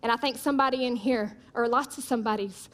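A woman delivers a sermon in a high, bright voice. She makes emphatic repeated declarations and mixes in humorous stories. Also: fairly even intonation, quick pace. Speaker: preacher.

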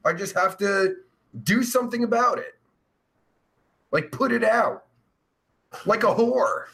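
A man hosting a crude livestream chat show, yelling, swearing and cackling as he reads comments. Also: high-pitched, measured pace, creaky. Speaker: host.

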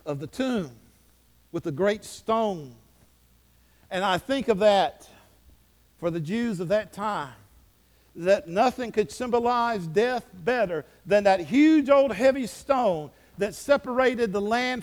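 High-voiced fervent preacher. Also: male voice, lively intonation, measured pace, a little mellow. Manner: fervent preaching, rising and dropping in pitch and volume. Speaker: pastor. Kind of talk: sermon.

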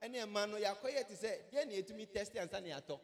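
A Ghanaian man preaching a sermon as a pastor. He mixes English and Twi and rises to shouts to stress his points. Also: high-pitched, expressive, fast. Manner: switches between English and Twi, rising to shouts for emphasis. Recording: long hall reverb.

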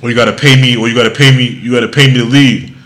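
Man, podcast host, middle-pitched, rowdy storyteller, laughs often, echoey room. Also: rapid-fire. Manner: loud animated storytelling, acts out quotes, laughs often. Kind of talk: casual chat.

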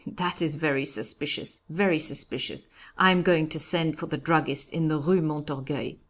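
A woman reading aloud and voicing an excitable, pompous male French judge who accuses and talks over everyone. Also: deep voice, moderate pace. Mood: blustering.

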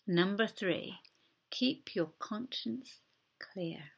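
A woman preaching a sermon in a gentle, conversational way, often dropping her voice almost to a whisper. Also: mid-range voice, animated, drawn-out words, creaky, slightly rough.

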